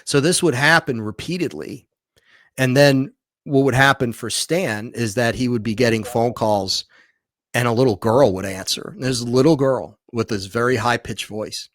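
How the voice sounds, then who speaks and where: Appearing as a podcast guest, a filmmaker and author who makes documentaries recounts a tale with animation, restarting and repeating often. The mid-range voice moves at a moderate pace, and the studio sound is clean with no room tone.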